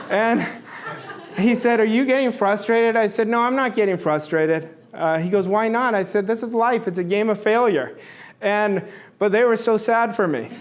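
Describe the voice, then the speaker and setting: Emphatic high-voiced male coach. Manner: emphatic, repeats key phrases. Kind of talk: motivational talk.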